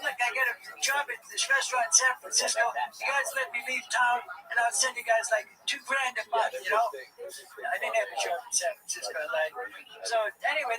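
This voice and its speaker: A man with a very high voice tells a rambling, swear-filled tale in loose, casual talk. He sits well back from the microphone. A crowd murmurs behind him. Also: distant mic, low-quality recording. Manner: rambling, profane, laughing. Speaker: guest telling a life story. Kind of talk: casual storytelling on a livestream.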